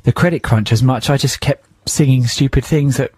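A man's voice: medium pitch, normal speed, darkish tone, husky, no echo. A man co-hosting a radio show, chatting in a wry, dismissive way. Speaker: radio co-host. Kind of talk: casual radio banter.

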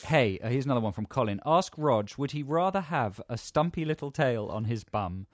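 A male radio co-host bantering in a studio with a playful, teasing delivery. His pitch moves a lot, and the sound is close and dry. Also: lively intonation, fairly quick, dry recording.

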